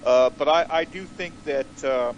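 A man co-hosting a casual podcast, speaking hesitantly and filling pauses with uh and um. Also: fairly high pitch, lo-fi sound, a little hiss or hum. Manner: hesitant, lots of uh and um. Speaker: podcast co-host.

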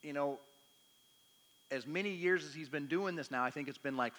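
A man's voice: a little high, moderate pace, fairly bright tone. A man preaching a storytelling sermon in a chatty, self-deprecating, humorous way, acting out bits of dialogue. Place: church meeting hall. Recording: long hall reverb.

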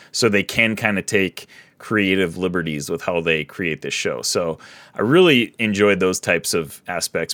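A man's voice: lowish voice, a bit bright, no echo. A young man co-hosting a podcast, reviewing a show in a rambling, filler-heavy casual chat. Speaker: podcast co-host.

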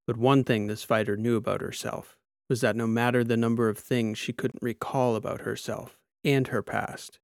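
A man reading a sci-fi short story as narrator, in a measured, steady way. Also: on the low side, gravelly, dry recording, clean studio sound. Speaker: audiobook narrator. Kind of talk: scripted narration.

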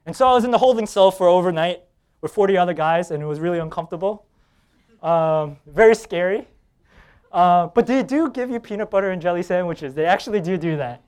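A man preaching a sermon as pastor, telling a personal story with quoted dialogue and laughter, swinging between loud bursts and hushed lines. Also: high voice, lively intonation, moderate pace.

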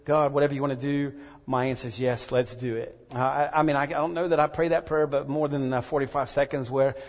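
A man preaching a sermon and telling a personal story, earnest and halting, often repeating words. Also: medium pitch, fairly even intonation. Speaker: pastor. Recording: echoey hall reverb.

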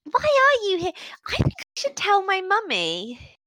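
A woman's voice: huge pitch swings, measured pace, pushed and bright, heavily acted. A woman voicing a small, nosy orc girl who fires off suspicious questions in a childish voice. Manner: high-pitched, questioning, childish.

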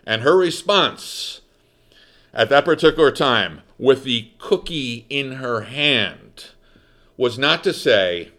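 A man from the United States hosting a talk show, telling a story in a theatrical, emphatic monologue that swings between loud and soft. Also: mid-range voice, lively intonation, slow pace. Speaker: talk radio host.

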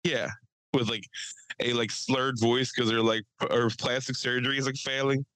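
A man's voice: medium pitch, level tone, sharp tone, no echo, low-quality recording. A man co-hosting a podcast, telling crude jokes and rambling stories in casual chat. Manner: joking, profane storytelling with quick asides. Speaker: podcast co-host.

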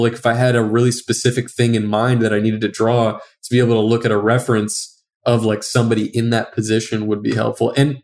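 A man's voice: medium pitch, a little mellow. A young adult man who is a guest comic artist, chatting casually on a podcast and rambling with a lot of filler words.

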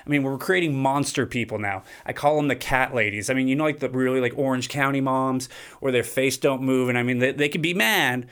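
A podcast host launches into a loose, comedic rant, cursing freely, joking and getting worked up. He talks fairly quickly in a mid-range voice that's clear and resonant.

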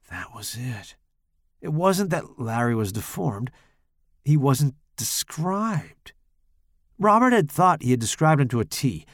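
A man reads a horror story with dramatic flair, his voice gravelly and swinging widely in pitch. The sound is dry and close, with no room around it. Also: no echo. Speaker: audiobook narrator. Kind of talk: scripted horror narration.

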